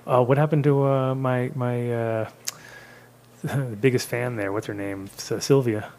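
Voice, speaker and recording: A man's voice: medium pitch, steady tone, measured pace, darkish tone. A middle-aged man in casual podcast chat, rambling through stories and acting out the voices of people he quotes. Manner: rambling storyteller who acts out quoted voices. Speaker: cannabis seed company guest.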